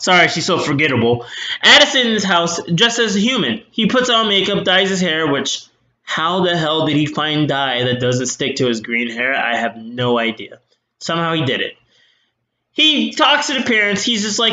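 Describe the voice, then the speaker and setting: A man's voice: on the high side, lively intonation, moderate pace, sharp tone. A young man recapping a movie in a snarky, rambling way with many fillers. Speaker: movie reviewer. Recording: roomy echo.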